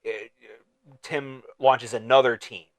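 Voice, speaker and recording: A man's voice: medium pitch, steady tone, slow, dry recording. A man co-hosts a casual movie podcast with a mid-range voice. He sounds playful and riffs on lines, often restarting his sentences. The sound is dry and close. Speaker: podcast co-host. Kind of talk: casual movie-discussion chat.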